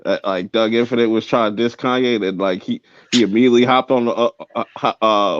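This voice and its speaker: A man's voice: mid-range voice, steady tone, a little fast, hardly any pauses, no echo, highs cut off. A man co-hosting a podcast in casual chat, laid-back, acting out quotes as he talks. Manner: laid-back, acts out quotes, swears a lot. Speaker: podcast co-host.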